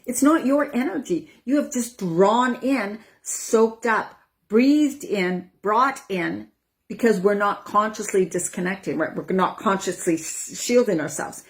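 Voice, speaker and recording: A woman over forty, a wellness coach, talking casually to her viewers, chatty and acting out her own inner voices with breathy sighs. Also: fairly high pitch, expressive, measured pace. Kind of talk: casual talk to camera.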